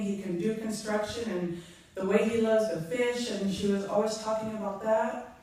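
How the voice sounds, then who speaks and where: A middle-aged woman giving a funeral eulogy, halting and heartfelt, with frequent ums. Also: medium pitch, steady tone, a little mellow. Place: large echoey hall. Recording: echoey hall from far off.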